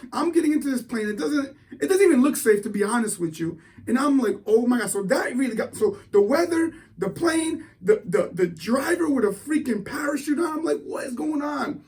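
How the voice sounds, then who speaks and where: A man giving a motivational talk, telling a story in an animated, excitable way with frequent restarts. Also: very high-pitched, recorded from a distance. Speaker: motivational speaker.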